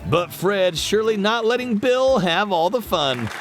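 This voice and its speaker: A man giving scripted narration that introduces clips in a lively, announcing way. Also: sits high, measured pace, loud music behind the voice, over a noisy crowd. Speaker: compilation narrator.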